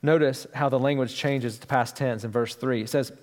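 A man's voice: medium pitch, steady tone, moderate pace, hardly any pauses, a little mellow. Man preaching in a reverberant hall. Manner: conversational, with asides like "right?". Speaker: pastor. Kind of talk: sermon.

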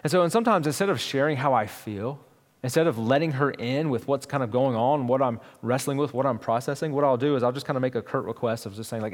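A man's voice: mid-range voice, quick pace, big-room sound. A man in his thirties preaching a sermon as pastor, conversational and storytelling, with frequent restarts.

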